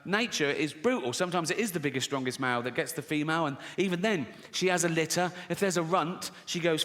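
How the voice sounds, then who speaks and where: Fast and expressive, his fairly high, slightly bright voice carries a crude, mocking comedy set in front of a live theatre crowd. He slips into character voices as he goes, and the recording picks up the venue's reverb and faint ambience.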